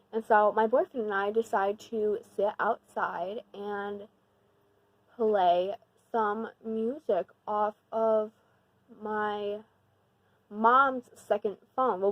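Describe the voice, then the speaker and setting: A woman's voice: medium pitch, a little slow, dry recording, muffled recording. Slangy young woman vlogger, dry sound. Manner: slangy, rambling, heavy use of "like"; animated and emphatic when retelling the scary part. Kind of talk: casual storytime.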